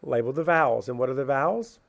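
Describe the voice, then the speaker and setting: A man's voice: medium pitch, lively intonation, gravelly, muffled recording. A man teaching a phonics lesson to children, asking a question and answering it himself, then sounding words out syllable by syllable. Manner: slow, patient, asks questions and answers them himself.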